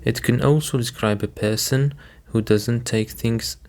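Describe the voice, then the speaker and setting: A man's voice: medium pitch, steady tone, a little slow, vocal fry, darkish tone. A man teaching English vocabulary, patiently repeating each word and explaining it with simple examples. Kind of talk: slow, careful teaching.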